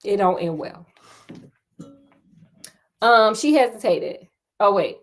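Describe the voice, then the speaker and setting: A woman's voice: medium pitch, animated, takes it slowly. A woman storyteller reading a story aloud, breaking off for sassy, laughing asides to her listeners.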